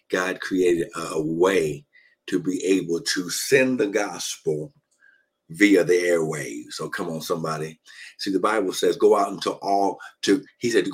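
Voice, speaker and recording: A man's voice: sits low, slightly rough, low-quality recording. A man pastor preaching over a live stream from a shared hotel room, emphatic and repeating his phrases, calling out to his listeners. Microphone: phone or laptop on a video call.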